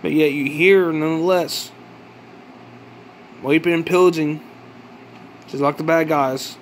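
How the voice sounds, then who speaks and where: A man giving an angry, profane vlog rant, accusing and questioning with halting restarts. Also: fairly high pitch, steady tone, a little hiss or hum. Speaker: vlogger. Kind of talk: angry ranting monologue.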